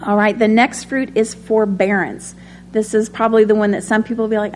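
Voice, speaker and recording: A woman's voice: mid-range voice, flat delivery, fairly quick, a little hiss or hum. A woman teaching a conversational sermon. She speaks in a personal tone, with many ums and light laughs. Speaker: Bible study teacher.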